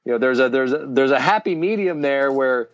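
A man chats casually about business, circling back through fillers and restarts. His voice is mid-pitched, and the recording sounds slightly dull. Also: expressive, a little fast. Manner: rambling, many fillers and restarts. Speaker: podcast co-host.

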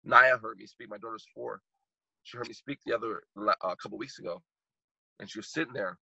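A man's voice: on the low side, brisk, creaky, bright, forceful tone, husky, dry recording, rough recording. A man in his thirties, a podcast guest and motivational speaker, telling a heartfelt story with emphatic repetition while choked up. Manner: emphatic, repeats phrases for impact.

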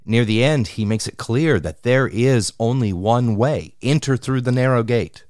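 A man preaching a sermon on scripture, measured and deliberate, slowing down to stress key words. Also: medium pitch, a little mellow, dry recording, clean studio sound. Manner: measured, slows for emphasis on scripture.

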